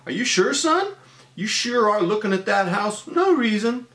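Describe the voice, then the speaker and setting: A man's voice: sits high, sing-song, normal speed, fairly bright tone, roomy sound, pitched above the performer's own voice, full character voice. A man putting on the voice of a teasing, suspicious father questioning his young son. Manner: mock-insistent, needling.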